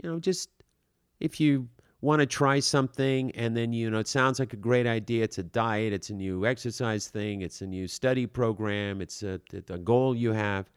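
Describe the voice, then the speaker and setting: A man's voice: medium pitch, normal speed, clear, resonant tone, dry recording, clean studio sound. A man giving an earnest motivational talk, circling back on his points and saying "you know" often. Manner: earnest, repeats himself, frequent "you know".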